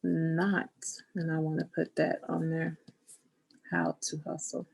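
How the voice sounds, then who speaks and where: A woman's voice: sits low, completely flat delivery, slow, gravelly, breathy edge. A woman teaching an online scrapbooking class, folksy and down-to-earth, talking while she works and fighting back tears. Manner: tearful, soft-spoken, talks while working. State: close to tears. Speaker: scrapbooking instructor.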